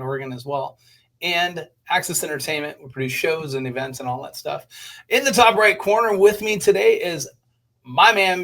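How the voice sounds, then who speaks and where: A man's voice: fairly high pitch, fairly bright tone. A man hosting a podcast, giving chatty, upbeat introductions over a video call. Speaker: podcast host. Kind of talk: casual podcast chat.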